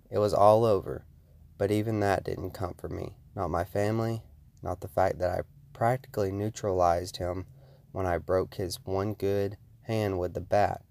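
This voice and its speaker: A man narrating a scripted horror story in the first person with a steady storytelling delivery. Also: low voice, creaky, dry recording. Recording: music playing behind the voice.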